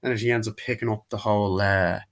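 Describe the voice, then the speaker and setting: Rambling young man recapping a movie. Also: fairly even intonation. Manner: rambling, acts out scenes in quick high-pitched impressions. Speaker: movie reviewer. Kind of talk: casual spoken movie review.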